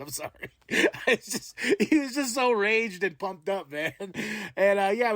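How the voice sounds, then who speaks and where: A male podcast host with a fairly high voice, talking through a wrestling show in a loose, excitable way. He chuckles often and breaks into playful wrestler impressions. The sound is close and dry, with no room around it. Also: dry recording. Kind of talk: casual wrestling recap.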